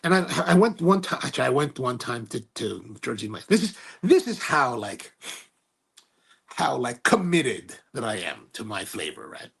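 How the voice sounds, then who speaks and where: A man's voice: medium pitch, sing-song, normal speed, vocal fry, fairly bright tone, husky. A man hosting a cigar livestream, chatting casually, reading viewer comments and rambling through stories with lots of self-corrections. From United States. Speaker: cigar review livestream host.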